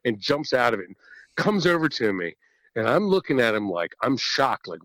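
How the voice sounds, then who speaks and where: A man spins a story on a podcast in a lively voice that swings high and low. He is animated and swears freely, often breaking into laughter. His voice sits at middle pitch and is recorded dry and close, with no room sound. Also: fairly quick, creaky, dry recording, poor audio. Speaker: podcast guest or host telling a hunting story. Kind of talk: casual storytelling. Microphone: podcast microphone.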